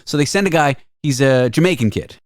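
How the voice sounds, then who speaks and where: A man's voice: mid-range voice, animated, a little fast, no echo. A man hosting a casual talk show in a dry, matter-of-fact way, pulling the conversation back on track. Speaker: host. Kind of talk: casual chat.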